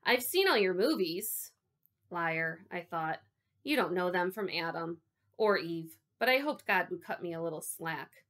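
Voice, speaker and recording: A woman reading a children's storybook aloud in first person, wry, dropping to quiet asides. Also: fairly low pitch, a little slow. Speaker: audiobook narrator.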